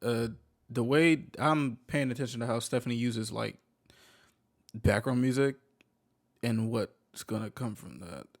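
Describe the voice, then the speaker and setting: A man's voice: medium pitch, a little slow, gravelly, long pauses. A man reacting to a video in casual commentary, blunt and slangy, swearing freely.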